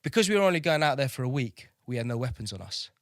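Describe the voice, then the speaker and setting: A man's voice: medium pitch, big pitch swings, fast talker, fairly bright tone, dry recording, studio quality. A man in his thirties, a navy veteran from Kosovo, telling war stories as a podcast guest in a chatty way, swearing freely and repeating words as he goes. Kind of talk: casual interview storytelling.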